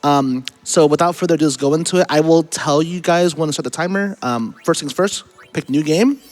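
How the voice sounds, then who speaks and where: A man's voice: fairly high pitch, fairly quick. A man doing live commentary on his own speedrun, upbeat and talking straight to viewers. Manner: upbeat, addresses viewers directly. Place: charity marathon event stage.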